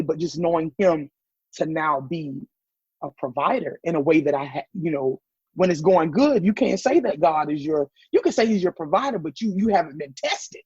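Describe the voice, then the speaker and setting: Southern man, husky and animated. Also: a little high, normal speed, dry recording. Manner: animated storyteller acting out quoted voices. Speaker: podcast guest, business owner. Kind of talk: casual interview chat. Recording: dull, slightly muffled podcast audio.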